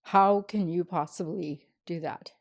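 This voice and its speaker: A mother telling a personal story in an interview, animated and firm in her views. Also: lowish voice, measured pace.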